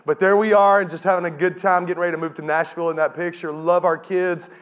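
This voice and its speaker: High-voiced man preaching with energy. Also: quick pace, smooth. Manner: energetic storytelling with laughter. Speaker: guest pastor. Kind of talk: sermon.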